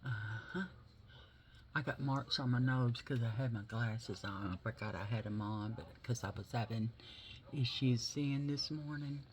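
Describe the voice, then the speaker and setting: A man talks through his makeup routine in a slow, meandering way, drifting between stories and product chatter. He swears without fuss and drops to a whisper for little asides, his voice sitting at an everyday middle pitch. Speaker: makeup vlogger. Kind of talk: casual chat while doing makeup.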